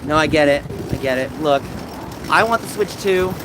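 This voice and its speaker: Broadcasting live from a city street, this man chats back to his viewers and rambles between stories. His pitch is fairly high and his pace moderate, and the outdoor recording is noisy.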